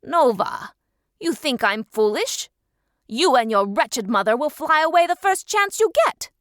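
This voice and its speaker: A woman narrator voicing a cruel, domineering male pack alpha with a forceful, threatening delivery. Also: fairly high pitch, big pitch swings, measured pace, dry recording, clean studio sound. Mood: scornful.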